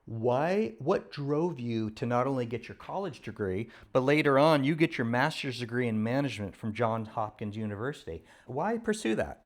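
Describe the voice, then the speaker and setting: A man's voice: mid-range voice, animated, moderate pace, few pauses. A man hosting an interview podcast and asking his guest follow-up questions.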